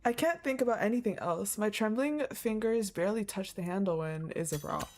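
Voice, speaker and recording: A woman's voice: medium pitch, fairly quick, a little mellow. A woman streaming her reaction to a game, reading the story aloud and laughing a lot. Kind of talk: casual live reaction.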